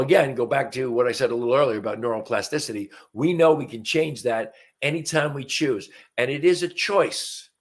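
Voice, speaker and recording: A man in his seventies hosting a live stream, talking in an earnest, folksy way with fillers and restarts, a bit sniffly from allergies. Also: mid-range voice. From North Carolina. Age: 70s. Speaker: host. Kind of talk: casual talk on a live stream. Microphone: webcam live stream.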